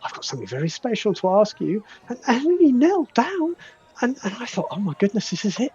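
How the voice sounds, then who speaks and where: A man's voice: very animated, a little fast, warm tone, heavily acted. A man putting on a weepy tiny halfling woman. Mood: tearful pleading. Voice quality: high falsetto, breathy and tearful. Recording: dull lo-fi audio.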